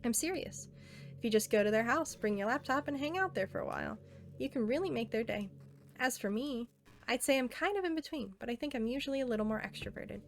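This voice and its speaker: A woman reading aloud as a self-aware teenage game girl, earnest and intimate, softly pleading. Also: a little high, expressive, quick pace, creaky, soft background music. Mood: tender.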